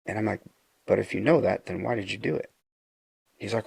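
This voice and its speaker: A deep, gravelly man's voice tells a story from his own life, earnest and unpolished, with frequent restarts. His tone is husky. The sound is dry and close. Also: steady tone, fast, darkish tone, no echo. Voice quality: low gravelly voice. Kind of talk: casual storytelling.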